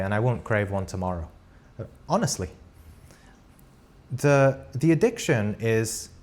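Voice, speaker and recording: A man's voice: fairly low pitch, a little mellow. A man teaching a live spiritual class, recounting an experience in short, earnest phrases and often checking in with "right?". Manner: talks in short halting phrases with frequent restarts.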